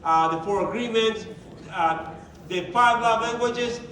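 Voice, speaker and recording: Male workshop presenter with a high voice, emphatic and chatty, recorded from a distance in an echoey meeting room. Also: unhurried, fairly bright tone, a little hiss or hum. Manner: conversational and emphatic, with many rhetorical questions. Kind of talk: motivational talk to a live group.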